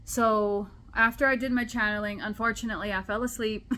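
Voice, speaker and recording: Bright-voiced chatty woman telling stories. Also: fairly high pitch, fairly quick. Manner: animated, chatty, acts out quoted voices. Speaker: spiritual vlogger. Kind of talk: casual storytelling to camera. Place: indoor room at home.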